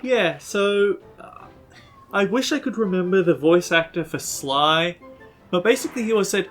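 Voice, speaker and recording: High-voiced chatty let's play man. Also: animated, moderate pace, fairly bright tone. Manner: chatty, musing, with frequent hesitations. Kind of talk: casual gameplay commentary. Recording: faint game music behind.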